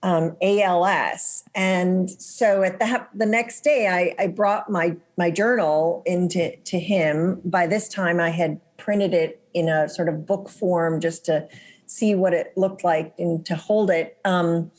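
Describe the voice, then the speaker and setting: A woman being interviewed as a guest author, talking gently and reflectively with many pauses and restarts. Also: fairly low pitch, steady tone. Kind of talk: conversational interview.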